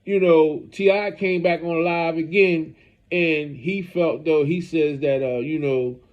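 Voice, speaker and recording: Male host, slightly high voice, loose rambling street-news commentary, muffled lo-fi audio. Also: fairly even intonation, slow pace. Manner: rambling, heavy use of "you know what I mean".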